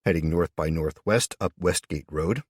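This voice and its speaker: Male audiobook narrator, low husky voice, relaxed profane first-person delivery, dry sound. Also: normal speed, dry recording.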